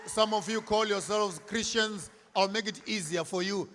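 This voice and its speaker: A man delivers a fiery public speech, repeating key lines and swinging between near-whispers and shouts. His voice sits high and rings bright and forceful. The sound carries the long reverb of a large hall. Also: fairly even intonation, moderate pace, few pauses. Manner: declamatory, repetitive emphasis, swinging from hushed to shouted. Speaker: speaker at a commemorative event.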